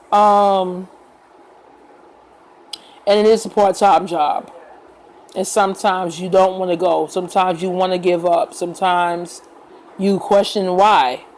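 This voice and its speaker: A woman vlogger talking to the camera in a casual, earnest and reassuring way, unhurried, with fillers and pauses. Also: medium pitch, darkish tone, poor audio.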